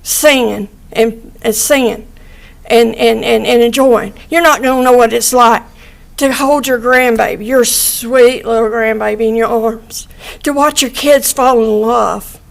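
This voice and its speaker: A woman's voice: fairly high pitch, steady tone, a little slow, vocal fry. A middle-aged woman giving a raw, angry victim impact statement in a courtroom, blunt and swearing, repeating herself and at times near tears.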